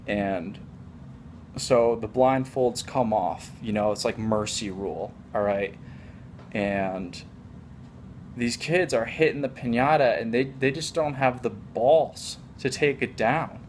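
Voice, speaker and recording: A man's voice: mid-range voice, slow, long pauses, slight background noise. A young adult man telling a casual story in a rambling, mock-boastful way, full of filler words. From United States.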